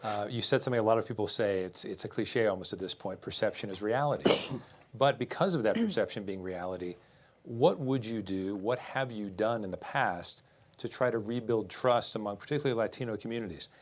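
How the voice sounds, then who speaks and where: A man moderates a political debate with quick, clipped follow-up questions. His voice sits somewhat low and he keeps the exchange moving at a rapid clip. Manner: brisk, probing questions.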